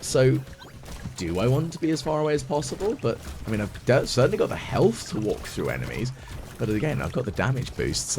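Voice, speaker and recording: A man's voice: on the low side, slight background noise. A man giving chatty ASMR gaming commentary as a let's play host, thinking aloud and mocking his own mistakes. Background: game music.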